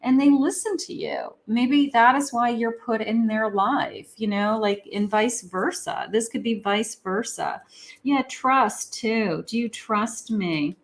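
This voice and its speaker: A woman's voice: on the high side, slow pace, gravelly. A woman, a psychic, giving a rambling, casual tarot reading with many fillers. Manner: acts out lovers' quoted lines.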